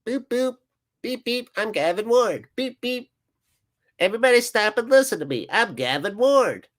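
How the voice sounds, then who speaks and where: A man mocking a squeaky, bossy referee. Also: expressive, normal speed, fairly bright tone. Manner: whiny, shrill, beeping mockery. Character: squeaky, bossy, petulant male football referee.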